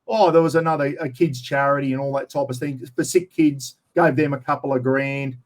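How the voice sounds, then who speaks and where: A man's voice: medium pitch, steady tone, a little fast. An Australian man chatting casually as an interview guest, telling long rambling stories and saying "mate" all the time. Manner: rambling storyteller, says "mate" constantly.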